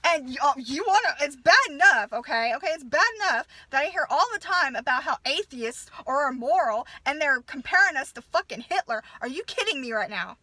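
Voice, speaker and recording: A woman's voice: high voice, expressive, sharp tone, dry recording, rough recording. A woman in her thirties, a nurse and mother, venting angrily to camera with lots of swearing and stop-start restarts. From United States. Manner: profane, halting, many restarts. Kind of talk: angry personal rant.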